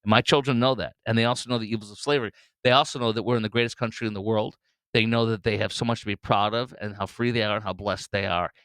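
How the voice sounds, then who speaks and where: A man's voice: fairly low pitch, fairly even intonation, fast, fairly bright tone, clear, resonant tone, dry recording. A man hosting a solo political commentary show, talking bluntly and mockingly with frequent fillers and restarts.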